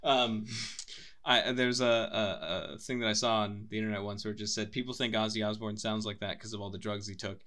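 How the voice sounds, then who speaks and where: Bright-voiced man chatting on a podcast. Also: lowish voice, steady tone, moderate pace. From United Kingdom. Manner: rambling, laughs often, many restarts. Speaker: podcast co-host. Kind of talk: casual podcast chat.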